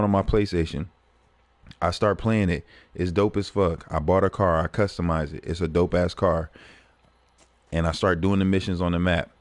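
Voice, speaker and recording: A man streaming games, telling stories in a profane, animated way and laughing often between lines. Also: deep voice, no echo. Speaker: gaming livestreamer. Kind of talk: casual livestream commentary.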